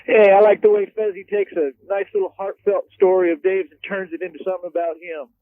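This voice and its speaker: Brief: high, rapid male caller, scolding, phone-line sound. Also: little pitch movement, dry recording.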